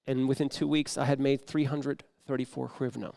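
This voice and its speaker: A man's voice: medium pitch, level tone, brisk, gravelly, dark tone. A man telling an improvised comic story on a conference stage before an audience, acting out the dialogue and dropping into sudden whispers. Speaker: improv performer and speaker.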